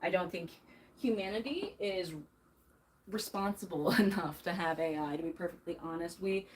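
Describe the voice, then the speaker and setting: A young woman livestreams from her bedroom, doing laundry and venting to chat in a heated, emphatic way, nervous laughs interrupting her. She talks at a normal speed in a lowish voice. There's slight background noise, and the recording is rough.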